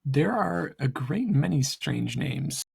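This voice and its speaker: A man with a husky, slightly breathy voice chats casually during a break in a tabletop game. He talks haltingly, repeating words and laughing through his sentences. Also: a little high, expressive, darkish tone. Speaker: player.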